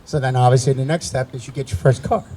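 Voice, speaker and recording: A man's voice: medium pitch, fairly even intonation, quick pace, mellow, low-quality recording. A man in his sixties from New Jersey, speaking at a memorial ceremony and telling family stories in a conversational way, with frequent restarts. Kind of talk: personal storytelling speech.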